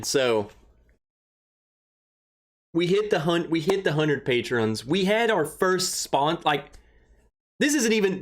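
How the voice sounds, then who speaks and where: Rambling, excitable male livestream host. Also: on the high side. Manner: rambling, excitable, emotional, greets chatters by name. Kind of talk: casual livestream chat, reading viewer comments.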